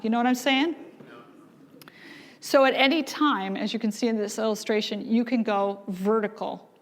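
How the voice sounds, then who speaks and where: A middle-aged woman telling stories and asking her audience questions in a sermon-style talk. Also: fairly high pitch. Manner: storytelling, acts out quoted voices, asks the audience questions. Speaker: speaker. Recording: long reverb of a large hall.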